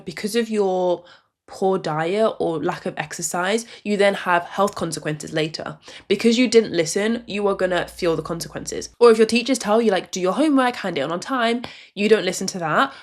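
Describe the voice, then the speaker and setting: A young woman from the UK giving casual advice to camera, chatty and reflective, leaning on "like" as a filler. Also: medium pitch. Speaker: vlogger. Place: a room at home, in dim lighting.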